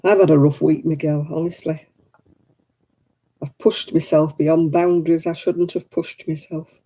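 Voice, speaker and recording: A woman's voice: low-pitched, fairly even intonation, unhurried, dark tone. A woman hosting a casual livestream chat, talking to viewers by name and laughing often. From England. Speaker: livestream host.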